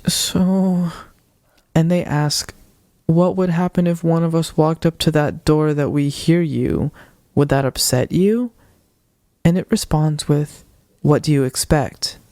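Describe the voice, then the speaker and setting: A man's voice: on the high side, measured pace, no echo. Young man retelling a ghost story, dry sound. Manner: retelling a ghost video with quoted voices, animated. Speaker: podcast co-host. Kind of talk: casual podcast storytelling.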